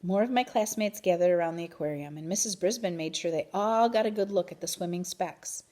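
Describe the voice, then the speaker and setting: A woman reading a children's book aloud in an expressive, animated way. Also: fairly low pitch, brisk. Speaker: reader. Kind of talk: storybook read-aloud.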